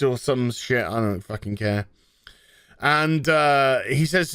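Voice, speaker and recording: A man's voice: on the high side, lively intonation, unhurried, pauses often, a bit bright, no room sound, studio quality. A man reviewing a show in an exasperated, sweary rant. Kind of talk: ranting review.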